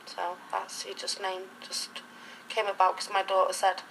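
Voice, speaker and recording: A woman's voice: mid-range voice, completely flat delivery, moderate pace, vocal fry, fairly bright tone, a little hiss or hum, poor audio. A middle-aged woman talking casually in an interview, rambling through anecdotes in a chatty way. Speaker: interviewee, reborn doll collector.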